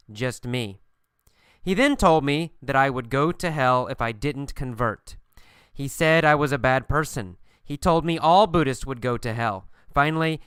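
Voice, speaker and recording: A man teaching English in a recorded lesson, speaking slowly and patiently and rephrasing each point. His voice is bright and crisp, and the recording is dry and close with no room sound. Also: medium pitch, no room sound. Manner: slow, patient, repeats and rephrases for learners.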